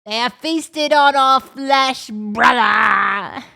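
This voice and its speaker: A woman voicing a solemn, pleading pig brother who speaks in slow, theatrical, mock-epic lines. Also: on the high side, vocal fry, sharp tone, pitched above the performer's own voice, full character voice. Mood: pleading, dramatic.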